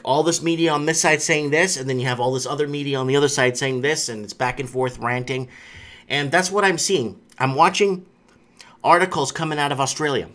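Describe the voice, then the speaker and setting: A man's voice: fairly high pitch, a bit bright. A man hosting a live stream, talking casually and rambling, with frequent restarts and fillers.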